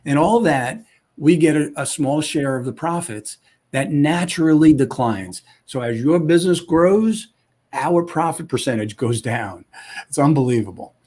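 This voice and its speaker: Emphatic man pitching over a video call. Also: expressive, a little slow, a little mellow. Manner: emphatic, salesy, talks in punchy lists. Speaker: company founder pitching to sellers. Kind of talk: enthusiastic sales pitch on a live webcast.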